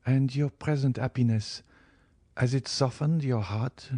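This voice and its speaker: A man's voice: mid-range voice, measured pace, mellow, no room sound, studio quality, voice pushed up, natural voice. A man voicing Mercédès, a plaintive pleading countess. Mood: searching. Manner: plaintive, tremulous. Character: sorrowful pleading noblewoman, middle-aged. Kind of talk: audiobook character reading.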